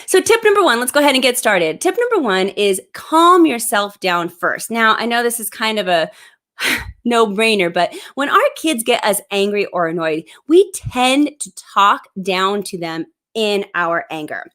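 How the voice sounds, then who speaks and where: A woman in her thirties hosting a live parenting advice show, explaining tips in a clear, upbeat way into a plug-in microphone. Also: mid-range voice, expressive, a little slow, a bit bright.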